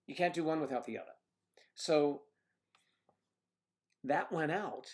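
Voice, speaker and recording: Gravelly man, throat clearing often. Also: mid-range voice, a little mellow. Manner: frequent throat clearing, muttering to himself while checking settings. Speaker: livestream host. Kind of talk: casual livestream chat while fixing tech trouble. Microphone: computer microphone at a desk.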